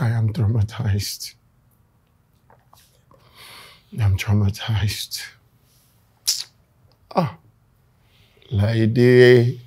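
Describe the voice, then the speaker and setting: A man's voice: extremely high pitch, full character voice. A man playing a heartbroken young husband who mourns and accuses, in a film drama. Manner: mournful, pleading.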